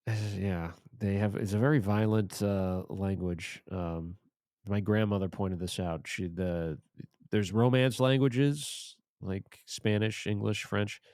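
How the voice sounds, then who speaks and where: A man's voice: fairly low pitch, fairly even intonation, slow pace, darkish tone, no room sound, studio quality. A man appearing as a guest on a podcast, talking casually with many hesitations and fillers. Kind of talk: casual chat.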